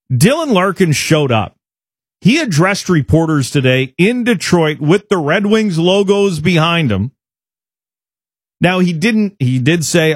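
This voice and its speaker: A man's voice: a little high, no echo, studio quality. A man hosting a sports radio show, talking in an emphatic, indignant way with frequent restarts. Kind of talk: opinionated sports talk.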